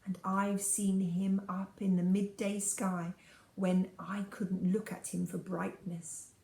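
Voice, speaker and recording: A woman voicing a stubborn male Marsh-wiggle who talks loud and short of breath, in a voice with room echo. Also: medium pitch, level tone, slow, creaky. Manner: short of breath, dogged and forceful.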